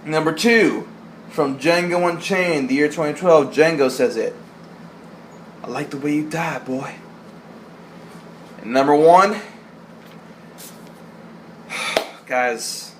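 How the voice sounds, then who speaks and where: A man's voice: a little high, a bit bright, slight background noise. A young man casually counting down favorite movie lines, joking, swearing, and putting on voices for the quotes. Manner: profane, jokey, quotes lines in goofy voices. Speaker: vlogger. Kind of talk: casual movie-list vlog.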